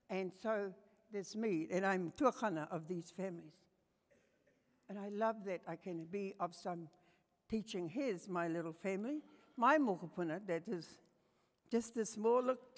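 An older woman with a New Zealand accent, giving a passionate personal storytelling talk at a conference, moving between soft and emphatic. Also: medium pitch, normal speed. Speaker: conference speaker. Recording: long hall reverb.

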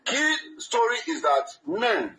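A man's voice: very high-pitched, sing-song, takes it slowly, pushed and bright, slight background noise, rough recording. A man with a Nigerian accent, telling his own story of a failed engagement in an earnest, pleading way. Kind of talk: earnest storytelling in English and Pidgin.

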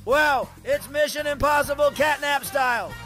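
A man hosting a reaction video, calling out excitedly at clips and pleading with viewers to subscribe. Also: very high voice, moderate pace, faint music behind. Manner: exclamatory, keeps begging viewers to subscribe.

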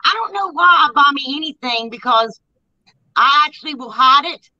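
A woman's voice: high-pitched, lively intonation, moderate pace, pushed and bright, no room sound, highs cut off. A woman chatting casually as a YouTube host, blunt and joking, laughing often. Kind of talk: casual chat.

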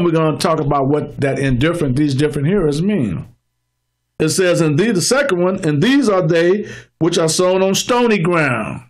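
Male pastor, higher-pitched voice, teaching sermon with plain everyday examples. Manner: explains scripture in plain examples, slows down to read verses and acts out churchgoers.

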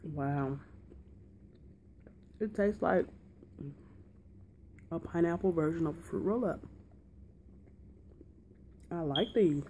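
Woman, vlogger, lowish voice, casual excitable chat, says y'all, faint hiss. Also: slow, pauses often. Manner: chatty, addresses viewers as y'all, excitable. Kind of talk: casual unboxing and taste-test chat.

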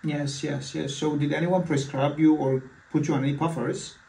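A man's voice: fairly high pitch, steady tone, normal speed, creaky, dark tone, a little hiss or hum. A man acting as a physician in a mock patient consultation, talking hesitantly with many fillers and restarts. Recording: echoey room, far from mic.

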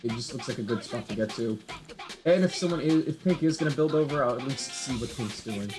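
This voice is a gaming commentator who drops into quiet mumbles one moment and jumps to shrill shouts the next. The talk keeps circling back on the same words, full of mock outrage at their own play. Game music plays clearly underneath, at a voice pitch that sits in the middle. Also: a little fast. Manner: excitable, loops the same phrase over and over; swings between low muttering and high yelps. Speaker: gameplay commentator. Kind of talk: live gameplay commentary.

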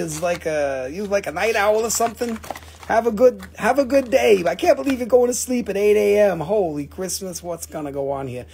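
A fairly high-voiced man with a husky edge runs a casual live-stream auction. He talks in an excitable, joking way and swears freely. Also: normal speed. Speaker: live-stream crystal seller.

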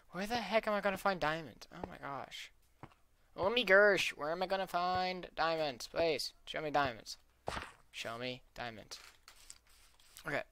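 A man's voice: fairly high pitch, sharp tone, a little hiss or hum. A man doing let's play gameplay commentary, muttering to himself as he plays and letting out sudden yelps. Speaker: gaming channel host. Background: background music.

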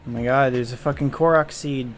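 A man's voice: mid-range voice, steady tone, brisk, faint music behind. A man giving comedic gameplay commentary, jumpy and self-mocking, yelping and groaning whenever danger shows up. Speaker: gaming video creator.

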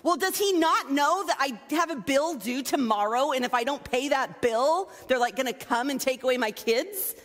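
A woman preaches with an animated, joking, self-deprecating manner. Her voice sits high, and it rings out with a long reverb from a church hall. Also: moderate pace, few pauses. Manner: animated, playful, self-mocking asides. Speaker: pastor. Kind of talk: sermon. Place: church sanctuary.

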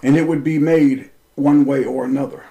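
A man telling a personal story as an impassioned monologue, intense and confrontational, swearing freely and swinging between raised and lowered speech. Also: steady tone, moderate pace, creaky, dark tone, rough recording.

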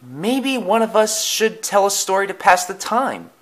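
A man's voice: high-pitched, big pitch swings, a little slow, a bit bright, voice pushed up, full character voice. A man voicing a cheeky young male tank engine in a storybook.

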